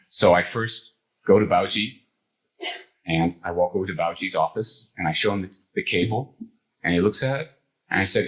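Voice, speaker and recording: An older man telling a personal anecdote to a live audience, animated, acting out the others' lines in the story. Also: on the low side, low-quality recording.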